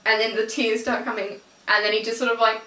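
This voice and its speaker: Young woman, excitable rambling reviewer; bright tone, roomy distant sound. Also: fairly high pitch, a little fast. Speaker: reviewer retelling an episode. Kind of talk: casual chat. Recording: echoey room, a bit far from the mic.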